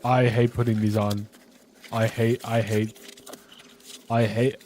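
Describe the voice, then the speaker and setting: A man's voice: mid-range voice, flat delivery, takes it slowly, darkish tone, a little hiss or hum. A man streaming and chatting casually with viewers, swearing freely and rambling off the cuff. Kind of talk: casual live-stream chat.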